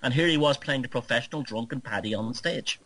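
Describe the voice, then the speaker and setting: A man interviewing on talk radio, speaking in animated, critical, long run-on stretches. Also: mid-range voice, brisk, poor audio.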